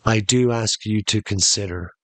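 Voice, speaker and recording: A man's voice: lowish voice, moderate pace, fairly bright tone, dry recording. A man hosting a podcast, telling a joke story in a rambling way. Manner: rambling, with filler likes and restarts. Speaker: podcast host.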